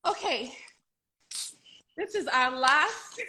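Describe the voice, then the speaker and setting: A woman's voice: fairly high pitch, lively intonation, normal speed, bright, forceful tone, low-quality recording. A woman hosting a casual live-streamed chat with a friend, bubbly and laughing often. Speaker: host.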